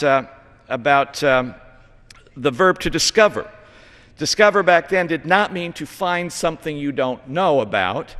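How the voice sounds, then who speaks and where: A man's voice: fairly high pitch, a bit bright. A middle-aged man from Utah giving a formal floor speech as a congressman, earnest and lecturing, with emphatic stresses. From Utah, United States. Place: large legislative chamber. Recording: reverberant chamber sound.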